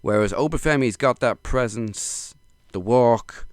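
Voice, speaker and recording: A man talking wrestling as a guest in casual chat, measured and analytical. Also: mid-range voice, no echo, studio quality.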